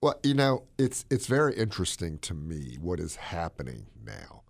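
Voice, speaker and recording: A man co-hosting a podcast, talking his opinions in a casual, animated way. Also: low voice, moderate pace, creaky, no echo, clean studio sound. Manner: animated, opinionated, drops into playful put-on accents. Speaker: podcast co-host.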